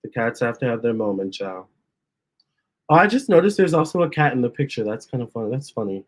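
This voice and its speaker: A man's voice: mid-range voice, very animated, brisk. A man, a tarot reader, chatting casually on his livestream, reading viewer comments aloud and cooing at his cats. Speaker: tarot reader and channel host.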